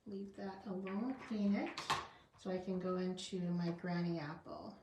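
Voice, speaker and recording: A woman's voice: fairly low pitch, normal speed, echoey room, muffled recording, noisy background. A woman demonstrating card stamping in a chatty tutorial, talking to herself as she works. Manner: chatty, talks to herself while working, small laughs.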